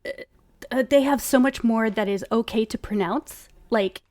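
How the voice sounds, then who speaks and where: A woman's voice: fairly high pitch, normal speed, darkish tone. A woman singer guesting on a podcast, chatting casually with lots of swearing and filler words. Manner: profane, enthusiastic, full of fillers. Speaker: singer and performer.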